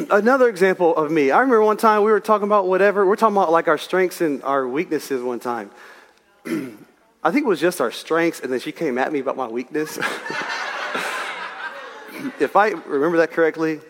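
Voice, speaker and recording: Animated preacher man, echoing hall. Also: fairly high pitch, fairly quick. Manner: animated, conversational preaching with humor. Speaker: pastor. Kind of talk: sermon.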